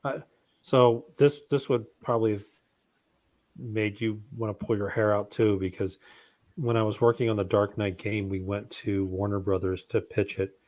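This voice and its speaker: Guy w a lowish voice rambling thru a story, lots of ums, dry close sound. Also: steady tone, moderate pace, a little mellow, no room sound. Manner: rambling, many fillers and restarts. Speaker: guest in a geek chat stream. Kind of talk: casual chat, storytelling.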